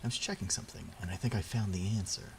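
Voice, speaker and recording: A man voicing a proud, fussy old male robot scientist, a little higher than his own voice, speaking emphatically. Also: fairly even intonation, fast, darkish tone, a little hiss or hum, natural voice.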